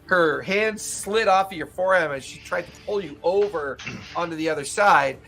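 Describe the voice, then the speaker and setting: A young man narrating a tabletop game as game master, animated and laughing, with lots of "like" fillers. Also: high-pitched, moderate pace, creaky, faint music behind.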